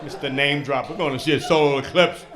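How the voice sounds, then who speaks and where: A man's voice: on the high side, fairly even intonation, quick pace, heavy background noise. A man doing a profane stand-up set, teasing the crowd in a comedy club. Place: comedy club before a live audience.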